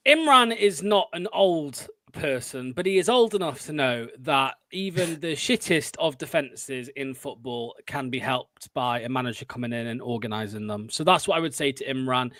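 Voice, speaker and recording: A man's voice: mid-range voice, lively intonation, moderate pace, hardly any pauses, sharp tone, no echo. A man co-hosting a fan podcast, confident and chatty, with frequent fillers. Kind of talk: casual football fan chat.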